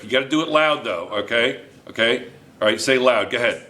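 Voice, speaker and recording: Bright-voiced playful male chemistry teacher. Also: medium pitch, animated, brisk, reverberant. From United States. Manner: playful, repeats phrases, jokes with students. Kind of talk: classroom teaching. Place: classroom.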